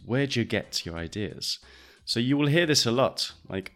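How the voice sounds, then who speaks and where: A man hosting an English-learning podcast, patiently explaining pronunciation step by step and repeating phrases slowly. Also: medium pitch, lively intonation, a bit bright, faint music behind. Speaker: English teacher and podcast host.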